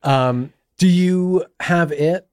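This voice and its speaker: A man hosting a podcast in casual chat, animated and quick to act out movie scenes in little impressions. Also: fairly high pitch. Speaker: podcast host.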